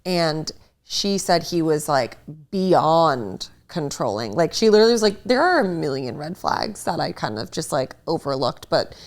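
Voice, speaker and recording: A woman, co-hosting a chatty podcast. Her voice sits a little low, then jumps up whenever she acts out what others said. She tells gossip in a lively, casual way. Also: normal speed. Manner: animated storyteller, acts out quotes with rising pitch. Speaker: podcast co-host.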